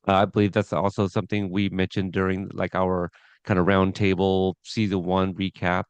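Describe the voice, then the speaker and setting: Low, smooth-voiced man recapping an episode. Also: monotone, moderate pace, no room sound. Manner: rambling, chuckling, reads scene notes aloud. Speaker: podcast host recapping an episode. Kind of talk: casual recap discussion.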